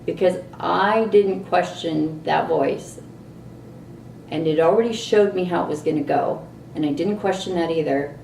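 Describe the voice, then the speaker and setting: A middle-aged woman vlogging a candid personal story, animated and exasperated at times. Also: lowish voice, unhurried, creaky, slight background noise. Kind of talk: personal reflective monologue. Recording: roomy echo, distant mic, faint ambience.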